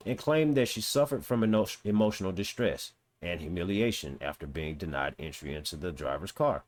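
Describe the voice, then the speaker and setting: With a low voice, lively intonation and a slightly fast pace, a man reads quotes from a news story aloud and then tears into them with blunt, mocking, profane commentary as host.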